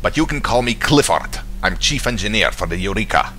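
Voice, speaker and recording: A man voicing a gruff male ship engineer in a video game with a put-on Scottish accent. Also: lowish voice, animated, fairly quick, bright, forceful tone, faint music behind, pitched above the performer's own voice.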